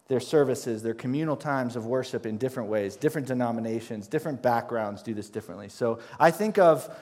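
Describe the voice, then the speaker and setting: A man's voice: mid-range voice, darkish tone. A man preaching in a church, speaking in the middle range of the male voice. He builds his points through repetition and rhetorical questions, with an emphatic pastoral delivery. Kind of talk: sermon.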